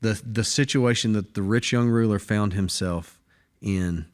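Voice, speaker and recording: A man's voice: fairly low pitch, measured pace, smooth. A man, a pastor hosting a church podcast, talking earnestly in a casual faith conversation and repeating words as he thinks aloud.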